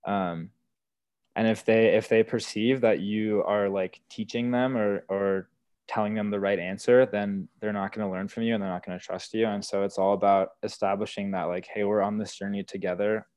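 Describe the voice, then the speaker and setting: Earnest young man, low flat voice. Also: moderate pace, smooth, dry recording. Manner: earnest, many fillers like "like" and "you know". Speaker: podcast guest, wilderness therapy guide. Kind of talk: casual conversational storytelling.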